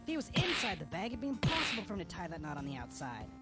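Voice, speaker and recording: A voice actor playing a confident cartoon defense lawyer who dramatically lays out accusations in a game. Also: female voice, fairly low pitch, wildly swooping pitch, racing, music in the background. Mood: probing. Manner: theatrical, accusing, dramatic reveals.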